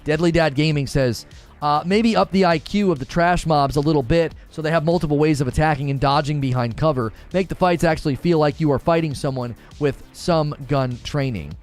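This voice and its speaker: An opinionated man hosts a live gaming stream, his voice sitting a little high for a man. He reads out chat messages and argues his points with quick rhetorical questions, while soft music plays behind him.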